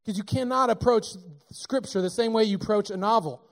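A man preaching a sermon in a church, talking in a lively, conversational and joking way. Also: sits high, brisk. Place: church sanctuary.

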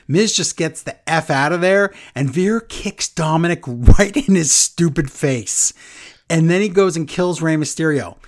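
A man casually recapping wrestling events for a co-host, acting out quotes with big jumps in his voice. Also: a little slow. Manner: animated storyteller, acts out quotes with big pitch jumps. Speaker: podcast co-host.

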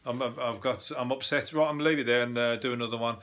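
A man's voice: medium pitch, steady tone, quick pace, fairly bright tone. A man with a Birmingham accent hosting a solo podcast, ranting about the news, swearing freely and often restarting his sentences. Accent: Birmingham (Brummie). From England. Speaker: podcast host.

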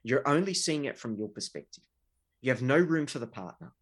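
A man's voice: medium pitch, animated, a little fast. A middle-aged man, a relationship researcher, explaining couple conflict earnestly with examples. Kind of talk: explanatory interview talk.

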